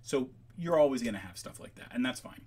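A man hosting a casual livestream while he works, rambling off on tangents with lots of ums, his voice gravelly at times. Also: medium pitch, lively intonation, fast, darkish tone. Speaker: livestream host making maps.

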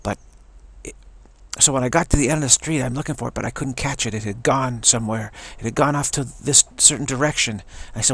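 A man tells a personal story in a casual, unscripted way, often stopping and repeating words. His voice has a gravelly fry, and the sound is dry and close with no room echo. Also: mid-range voice, a bit bright. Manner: halting, stumbles and repeats words.

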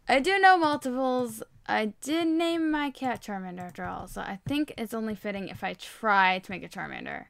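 A woman's voice: medium pitch, a little fast, vocal fry, fairly bright tone, no echo. A young woman chatting through a building game, rambling and poking fun at herself. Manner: chatty, self-mocking, rambling. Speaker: gaming channel host. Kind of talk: casual gameplay commentary.

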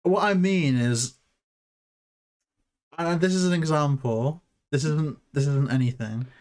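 A man's voice: on the high side, measured pace, darkish tone. A man from the UK, co-hosting a casual review podcast, talking in a playful, rambling way and getting defensive in the banter. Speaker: co-host.

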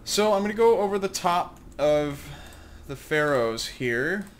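A man's voice: fairly high pitch, animated, measured pace, slight background noise. A man giving casual, rambling commentary on his own gameplay, self-deprecating and chuckling at his own plans. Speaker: let's play host.

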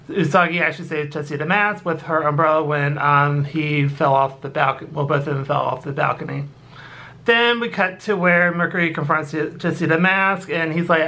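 A YouTuber casually recapping and reviewing an anime episode, halting often with fillers. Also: mid-range voice, bright, forceful tone. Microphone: battery-powered recording device.

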